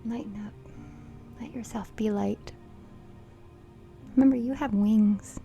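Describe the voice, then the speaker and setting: A woman's voice: mid-range voice, steady tone, slow pace, gravelly, dull audio. Brief: middle-aged woman card reader, playful and giggly, slips into whispers, faint music under. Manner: playful, giggly, often drops to a soft whisper. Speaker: tarot reader. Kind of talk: casual oracle card reading.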